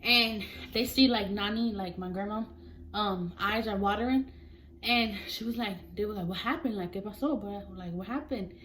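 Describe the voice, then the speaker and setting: A woman's voice: medium pitch, moderate pace, a bit bright, a little hiss or hum, low-quality recording. A young woman telling a chatty storytime vlog, acting out her family members' voices as she goes. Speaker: vlogger.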